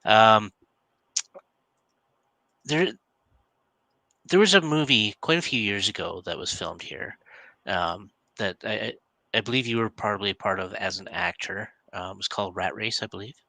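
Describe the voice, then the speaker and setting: A man hosting a live-streamed interview, chatty and relaxed, with lots of fillers. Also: fairly low pitch, moderate pace, pauses often, dry recording, rough recording. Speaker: host. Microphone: video call.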